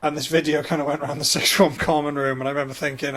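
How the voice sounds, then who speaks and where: A man's voice: fairly high pitch, level tone, very fast, a bit bright. A man co-hosting a comedy podcast, telling a rambling anecdote full of fillers in casual chat. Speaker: podcast co-host.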